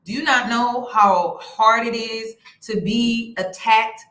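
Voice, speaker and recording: A woman hosting a casual livestream commentary, animated and expressive, sometimes blunt, talking straight to her chat. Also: on the high side, slow. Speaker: host of a commentary channel. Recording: roomy echo.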